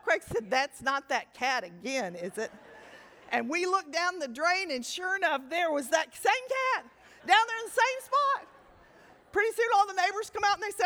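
A woman teaching a Bible sermon, telling stories with lively, sudden loud emphasis. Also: extremely high pitch, normal speed, big-room sound. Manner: animated storytelling with sudden loud emphatic lines.

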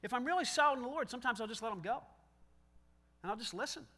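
A man's voice: very high-pitched, lively intonation, quick pace, pushed and bright. A man preaching a sermon as pastor, in a conversational style that acts out quoted dialogue with self-deprecating humor.

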